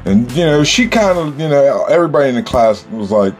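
A man's voice: medium pitch, lively intonation, fast, a little mellow, faint music behind. A man telling a childhood story in casual, streetwise slang, with lots of "you know.".

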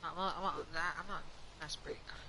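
A man's voice: fairly high pitch, fairly even intonation, fairly quick, sharp tone, a little hiss or hum. A man chatting casually with a friend during a game. He talks bluntly and swears casually. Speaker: gamer. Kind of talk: casual gaming chat.

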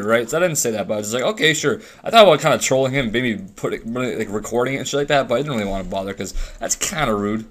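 A man's voice: medium pitch, lively intonation, fast, hardly any pauses. A young man rambling through a profane, sarcastic story while commentating on his game. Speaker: gamer commentating over gameplay. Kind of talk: casual storytelling rant.

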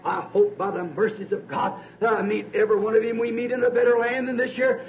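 A male preacher delivering a sermon, telling a story with many repeated "said"s and swinging from hushed tones to shouts. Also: high voice, little pitch movement, fast, hardly any pauses. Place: church service. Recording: dull lo-fi archive tape with faint hiss.

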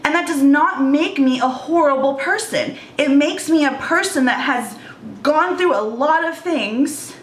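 Emotional woman vlogger, high voice. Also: a little slow, roomy sound, slight background noise. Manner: earnest and emotional, with restarts. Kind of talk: storytime vlog.

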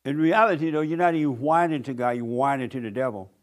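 A man's voice: medium pitch, fast talker. A man preaching a blunt sermon as pastor, mimicking whiny voices to mock them.

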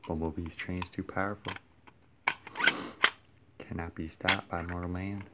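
A man filming a casual vlog on his phone, muttering in a deadpan, self-mocking way. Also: deep voice, measured pace, very noisy. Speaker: vlogger. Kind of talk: casual toy unboxing vlog. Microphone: phone camera.

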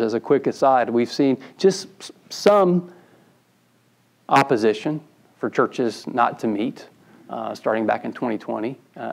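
A man's voice: medium pitch, vocal fry, poor audio. A male pastor, preaching a sermon in a conversational way with restarts and emphatic repetition. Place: church sanctuary.

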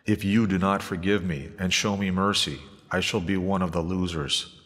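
A man voicing an aged, patient and earnest male prophet in a measured, solemn reading. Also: deep voice, steady tone, fairly bright tone. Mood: pleading. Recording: long hall reverb.

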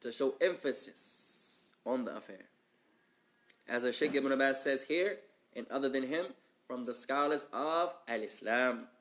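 A man's voice: mid-range voice, lively intonation, fairly bright tone. A man teaching a religious lesson, reading Arabic text and translating it into English, often asking the listeners rhetorical questions. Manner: asks the audience rhetorical questions; reads Arabic quickly, explains in English more slowly. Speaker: Islamic teacher.

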